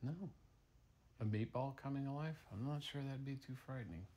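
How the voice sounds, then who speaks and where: A man improvising a playful story for a child, moving from hushed tones to excited bursts. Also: medium pitch, brisk.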